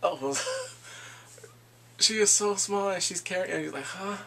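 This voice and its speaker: A man casually recapping drama episodes, animated and laughing often, acting out the characters' lines. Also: high-pitched, a little slow, gravelly. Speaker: drama reviewer.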